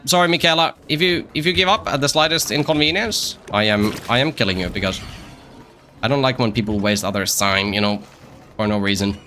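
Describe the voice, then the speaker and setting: Guy streaming a game, bright forceful voice, rambly jokey chatter to himself. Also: mid-range voice, slight background noise. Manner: rambling, joking, talks to himself and other players. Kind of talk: casual live-stream gameplay commentary.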